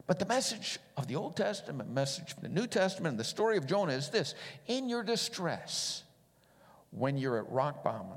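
A middle-aged man preaching a sermon as a pastor, animated and swinging between loud emphatic lines and quiet ones. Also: a little high. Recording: long hall reverb.

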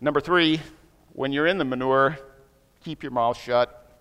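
A male pastor preaching a sermon, telling a story and acting out the voices of people in it with rising excitement. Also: mid-range voice, a little slow, smooth, long reverb tail.

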